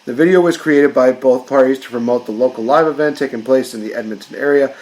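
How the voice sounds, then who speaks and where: A man's voice: mid-range voice, fast, darkish tone, low-quality recording. A man hosting a podcast, ranting in a casual, jokey way. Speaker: podcast host.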